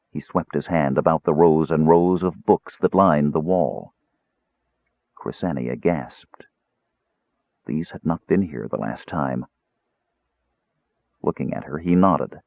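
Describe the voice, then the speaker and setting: Deep, husky male audiobook narrator. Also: moderate pace, no room sound. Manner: expressive, dramatic reading. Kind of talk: scripted fantasy narration. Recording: tinny phone-like audio.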